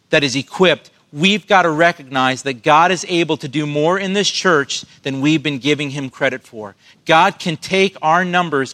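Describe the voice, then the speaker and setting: Male pastor, slightly raised pitch, earnest preaching delivery with questions to the congregation. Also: fairly bright tone. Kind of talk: sermon.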